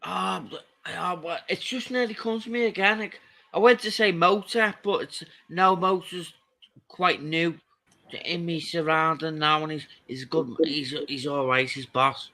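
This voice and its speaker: A man's voice: fairly high pitch, steady tone, measured pace, sharp tone. A man with a Scouse accent chatting on a casual stream, rambling and repeating himself. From England. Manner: rambling, repeats words, laughs easily.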